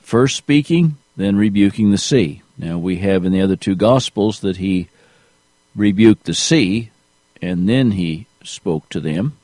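A man preaching a sermon in a slow, deliberate way, rising to emphasis at key points. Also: low voice, animated, darkish tone, no room sound.

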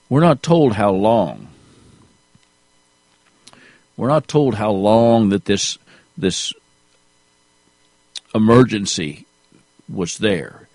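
A man preaching a sermon in a slow, deliberate way, rising to emphasis at key points. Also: fairly low pitch, darkish tone, no echo.

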